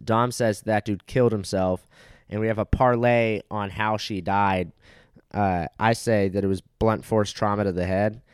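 A young man talks alone into the mic in a loose, rambling way, swearing constantly and leaning on "like" at every turn. His voice sits on the low side. The sound is close and dry, with no room around it. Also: steady tone, measured pace, smooth, dry recording. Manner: crude, rambling, heavy swearing and constant "like" fillers. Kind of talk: casual solo monologue.

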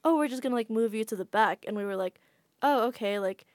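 A woman's voice: fairly high pitch, fast talker, no echo, clean studio sound. A woman guest on a podcast, telling a travel story in a chatty way with a lot of "like" fillers. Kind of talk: casual storytelling.

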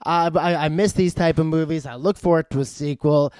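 Reviewing films in a meandering style peppered with uhs and offhand cursing, this Vancouver man has a fairly high, clean, smooth and slightly mellow voice. He talks briskly in a steady tone, captured close up with a dry, echo-free sound.

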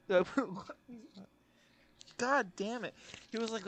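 A man's voice: extremely high pitch, sing-song, moderate pace, long pauses, a bit bright. A young man co-hosting a casual podcast chat, rambling, crude and self-mocking, laughing through his stories. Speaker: podcast co-host.

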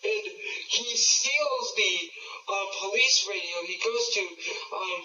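A man's voice: sits high, slow pace. A man co-hosting a podcast, chatting casually and enthusiastically, often repeating himself. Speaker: podcast co-host. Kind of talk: casual chat. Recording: echoey, distant, dull lo-fi sound with faint hiss.

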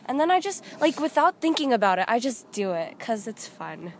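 A high-voiced teenage girl talks casually with friends, narrating her own thoughts in quick bursts. Faint outdoor ambience sits behind her in the park. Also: animated, a little hiss or hum. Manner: quick, self-narrating storyteller. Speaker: podcast co-host.

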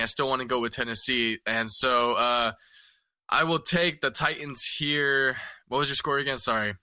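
A man co-hosting a casual sports chat, thinking out loud in a calm, measured way with plenty of fillers. His mid-pitched voice is sharp and forceful, and the recording is close and dry with no room sound. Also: dry recording. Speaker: podcast co-host.

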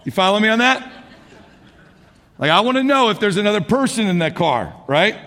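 A man in his forties preaching a sermon as pastor, animated, swinging from shouts to hushed asides. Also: sits high, normal speed. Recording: echoey hall.

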